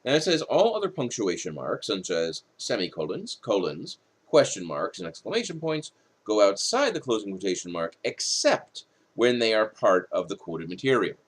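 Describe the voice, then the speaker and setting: A man delivers a recorded writing lesson late at night, reading punctuation rules from a textbook. His voice sits low but rises and falls widely as he explains each rule. He breaks off now and then for casual, slightly tired asides. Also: sing-song, moderate pace, breathy edge. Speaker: writing instructor.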